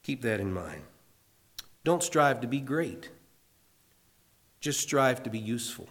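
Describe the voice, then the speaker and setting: A man preaching in an earnest, conversational way, telling a personal story and slowing down to stress a point. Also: mid-range voice, animated, a bit bright. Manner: earnest, conversational, slows for emphasis. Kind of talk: sermon storytelling.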